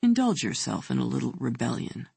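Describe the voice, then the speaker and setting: An audiobook narrator voicing a cold, mocking male captor who talks in a smug, calm way. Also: medium pitch, brisk, vocal fry, slightly rough, dry recording, pitched below the performer's own voice, full character voice.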